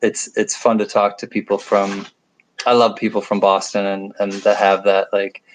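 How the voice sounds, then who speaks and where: A man's voice: lowish voice, flat delivery, normal speed, poor audio. Man, middle-aged, nasal, upstate New York accent, rambling livestream chat, joking asides. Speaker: livestream host reading chat. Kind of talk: casual chat with viewers. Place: home, at night.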